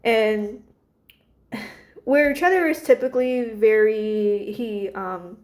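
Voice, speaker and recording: A woman's voice: on the high side, slow pace, a little mellow. A woman casually retelling a story about her characters, rambling with many fillers and restarts.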